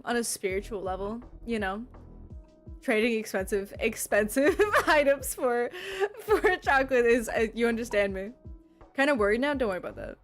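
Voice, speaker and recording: Young female VTuber, rambling and giggly, slightly high voice, faint music under her. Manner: rambling, playful, laughs often. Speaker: VTuber streamer. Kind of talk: casual livestream chat, reading and answering chat.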